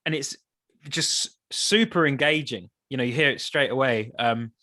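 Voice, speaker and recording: A man, a songwriter guest on a podcast, talking in a thoughtful, hesitant way with many restarts, his voice still a bit rough from the early morning. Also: mid-range voice, moderate pace, pushed and bright. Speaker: musician guest. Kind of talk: casual interview chat.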